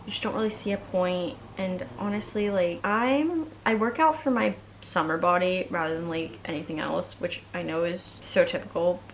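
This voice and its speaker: A woman's voice: lowish voice, moderate pace, few pauses, slight background noise. A young woman vlogging at home, chatting casually and bubbly, saying "like" a lot while she does her nails. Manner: chatty, bubbly, heavy use of "like".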